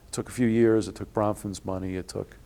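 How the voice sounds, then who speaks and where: Fairly low in pitch, his tone steady and his pace brisk, a blogger tells stories in an interview about what he's been through. The tales run long and rambling, with many restarts, an indignant streak, and loud impressions of the people involved.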